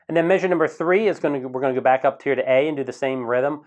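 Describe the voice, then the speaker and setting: A man teaching a guitar strumming lesson in a relaxed, casual way, counting the beats slowly aloud. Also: medium pitch. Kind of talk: casual instructional talk. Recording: guitar playing in the background.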